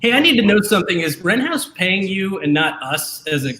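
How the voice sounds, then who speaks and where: Brisk and sing-song, this man's sharp, high-sitting voice drives a live drinking show he hosts as a podcaster. He ribs his co-hosts energetically in loose live-stream banter, all captured in an echoey space.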